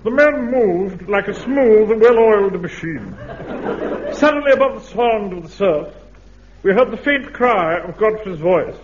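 An actor playing a pompous, self-important middle-aged Home Guard captain in a radio sitcom. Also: male voice, high-pitched, animated, unhurried. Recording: muffled old radio recording with hiss.

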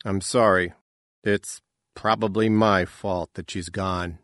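A man's voice: deep voice, fairly even intonation, slow, a bit bright, no echo, studio quality. A man voicing a proud, short-tempered male alien father, speaking in a clipped, curt way. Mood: remorseful.

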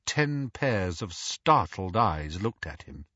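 A man reading an audiobook in a measured, expressive way. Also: sits low, breathy edge, dry recording, highs cut off. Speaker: audiobook narrator. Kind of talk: audiobook narration.

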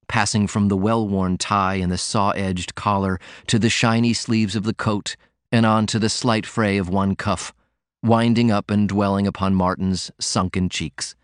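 Man, audiobook narration, measured steady reading, lowish voice, dry sound. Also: dry recording.

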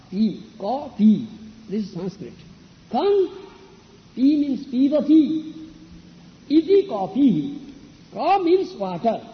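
A man teaching as a spiritual teacher in a religious discourse, often asking his listeners if they understand. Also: very high voice. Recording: dull lo-fi echoey hall with faint noise.

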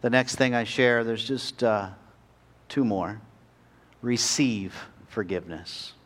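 A man preaching a sermon as a pastor, earnest, climbing to pleading peaks and then dropping soft and slow. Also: medium pitch.

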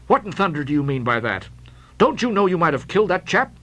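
A man's voice: high-pitched, sing-song, fast talker, fairly bright tone, heavily acted. A man voicing a gaunt, angry male ship captain in a storybook reading, roaring threats. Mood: indignant.

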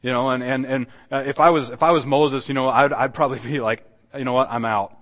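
A man's voice: medium pitch, steady tone, fast talker, fairly bright tone. A man preaching a sermon as pastor, conversational and earnest, asking the congregation rhetorical questions. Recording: long hall reverb.

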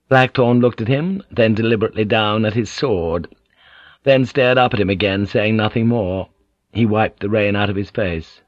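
A man in scripted narration, reading an audiobook in a measured, even way. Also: on the low side, dry recording. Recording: dull lo-fi audiobook recording.

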